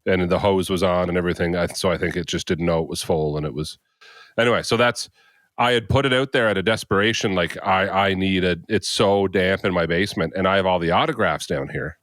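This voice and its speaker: A man's voice: sits low, fast, a bit bright, no room sound. A man co-hosting a casual podcast chat, telling a rambling story with lots of restarts. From Canada. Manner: rambling, self-interrupting storyteller. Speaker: podcast co-host.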